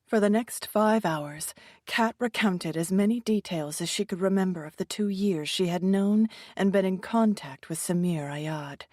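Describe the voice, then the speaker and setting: A woman narrating a suspense audiobook in a measured, even reading. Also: medium pitch, dry recording, clean studio sound.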